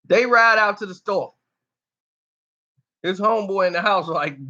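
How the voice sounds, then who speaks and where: A man's voice: high-pitched, moderate pace, pauses often, pushed and bright, highs cut off. A man telling a story in casual street slang, loose and chatty, often tossing in "you know".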